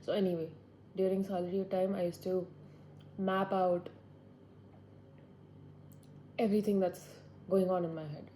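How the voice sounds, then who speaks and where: A woman in her twenties thinks out loud in a loose, musing solo monologue. Her voice sits a little low and sounds mellow and relaxed. She speaks indoors, seated by a window. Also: brisk, slight background noise, low-quality recording. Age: 20s. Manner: musing, rambling, talks to herself. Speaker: vlogger.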